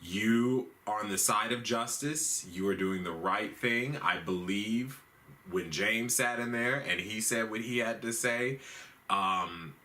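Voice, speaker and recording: A man's voice: on the low side, takes it slowly, bright, forceful tone. A man hosting a comedic news recap, rambling in a loose, slangy, profane way. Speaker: host.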